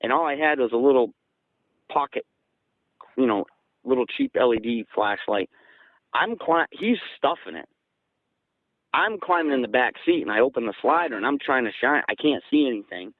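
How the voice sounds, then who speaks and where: A man from southeastern Massachusetts, a guest on an interview show, telling a story in a casual, excited way that turns louder and higher when he quotes people. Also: moderate pace, pauses often, no room sound, rough recording. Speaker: guest recounting an encounter.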